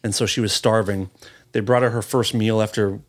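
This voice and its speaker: A man hosting a podcast, chatting casually and tossing in quick wisecracks. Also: fairly low pitch, steady tone. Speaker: podcast host. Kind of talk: casual comedic chat.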